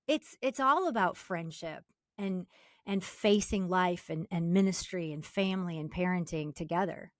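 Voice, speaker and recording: A woman's voice: fairly low pitch, normal speed, no room sound, clean studio sound. A middle-aged woman hosting a podcast, reflective and affirming in conversation. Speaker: podcast host. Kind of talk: conversational interview.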